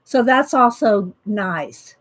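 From her home art studio, a woman chats casually on a livestream, welcoming viewers by name and rambling with fillers. Her mid-range voice has lively intonation, and she takes her time.

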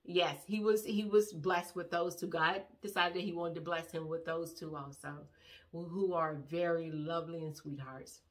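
A middle-aged woman vlogger telling a family story to camera in a casual, rambling, animated way. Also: lowish voice, normal speed. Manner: animated, rambling, acts out quoted voices.

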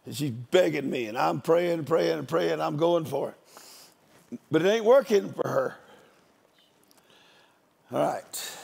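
Folksy older man preaching, high gravelly voice. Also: lively intonation, slow pace, pauses often, a little mellow. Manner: folksy, joking, drawling country talk. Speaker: guest preacher. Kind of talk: storytelling sermon.

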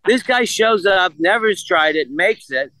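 A man's voice: sits high, moderate pace, no echo, low-quality recording. A man in his sixties, a podcast guest, telling a story casually and animatedly, full of swearing and quoted back-and-forth. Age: 60s. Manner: profane, animated retelling of a story with quoted dialogue.

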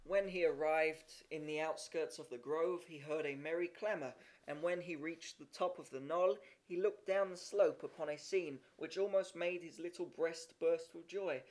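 A man's voice: on the high side, normal speed, hardly any pauses. A man reading a story aloud, with occasional slips and restarts. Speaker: reader. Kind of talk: amateur audiobook reading.

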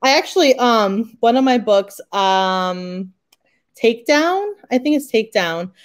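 A woman's voice: a little high, expressive, a little slow. Laughing, self-deprecating woman author. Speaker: author guest. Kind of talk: casual interview chat.

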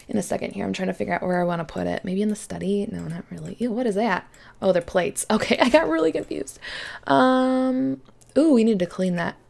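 A young woman casually chatting over her game as a YouTuber, excitable and often dropping to a whisper. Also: mid-range voice, a little fast, creaky. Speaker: gaming YouTuber. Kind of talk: casual let's-play commentary.

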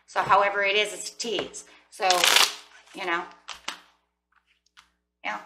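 A woman's voice: medium pitch, fairly even intonation, a little slow, long pauses, roomy sound, distant mic, over loud music. A woman giving a casual tarot reading, talking to her viewers in a chatty, rambling way. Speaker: tarot reader.

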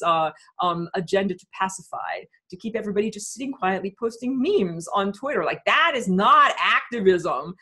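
A woman teaching a live webinar, talking in an emphatic, impassioned rant with many pauses and fillers. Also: medium pitch, fairly bright tone, husky.

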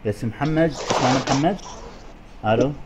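Male English teacher, rapid talker who code-switches and repeats himself, online class. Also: medium pitch, background noise. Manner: mixes English and Arabic, repeats prompts.

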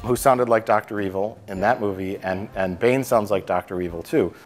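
A man hosting a casual film review chat, joking and slipping into quick impressions. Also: lowish voice, long reverb tail, music in the background. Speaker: film review show host.

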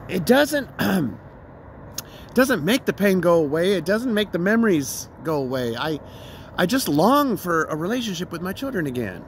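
Emotional, animated middle-aged man. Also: high-pitched, slight background noise. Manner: emotional and rambling, laughing through sadness. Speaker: vlogger. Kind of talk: casual monologue.

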